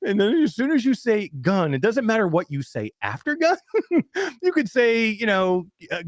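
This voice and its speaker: A man's voice: fairly high pitch, animated, moderate pace, dry recording, clean studio sound. A man co-hosting a casual talk show, telling stories in a rambling way with lots of fillers and laughing at himself. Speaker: podcast co-host. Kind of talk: casual chat.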